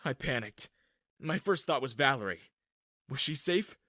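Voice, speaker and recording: A man's voice: medium pitch, expressive, moderate pace, sharp tone, no room sound, clean studio sound. A man voicing a naive teenage boy narrating. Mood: anxious. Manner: earnest storytelling narration. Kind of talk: animated story narration.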